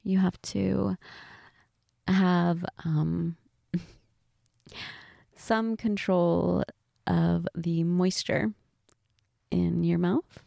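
A woman's voice: fairly low pitch, steady tone, drawn-out words, creaky, long pauses, dark tone, dry recording, clean studio sound. A woman chatting to her best friend in casual role-play, giggly and rambling.

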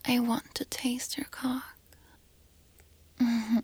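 Very slow, breathy woman in whispered role-play. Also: on the high side, steady tone, no room sound. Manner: eager, mostly whispered.

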